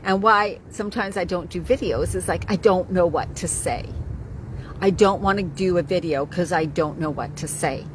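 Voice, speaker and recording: A woman's voice: lowish voice, normal speed, a little hiss or hum, rough recording. A woman in her forties talking casually to camera as a wellness coach, chatty, often checking in with "right?". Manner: chatty, keeps asking "right?". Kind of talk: casual talking-head vlog.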